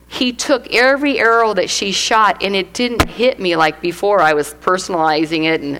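Woman, middle-aged, testimony sermon, animated, laughing, faint background noise. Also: mid-range voice, moderate pace, hardly any pauses. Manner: animated storytelling, laughs often, acts out quoted voices. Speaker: church speaker giving a testimony.

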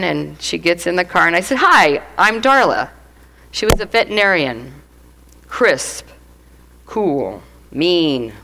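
A middle-aged woman giving a lively church testimony, laughing often and acting out the voices of people in her story. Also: mid-range voice, vocal fry, poor audio. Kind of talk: testimony sermon.

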